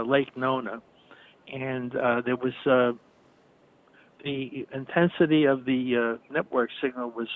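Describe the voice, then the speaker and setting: A man speaking on the phone, hesitant, with many pauses and fillers. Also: mid-range voice. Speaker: caller receiving a call. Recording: tinny phone line.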